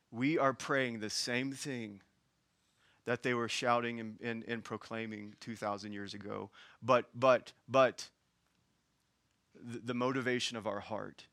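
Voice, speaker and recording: A man with a Southern US accent preaching a sermon as pastor, passionately shifting between hushed and raised delivery. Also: medium pitch, no room sound.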